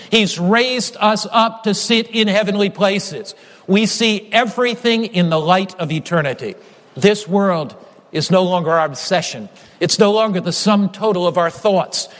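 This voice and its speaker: High-voiced, emphatic preacher. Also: male voice, a bit bright. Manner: measured, emphatic with repeated refrains. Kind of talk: sermon. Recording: long hall reverb.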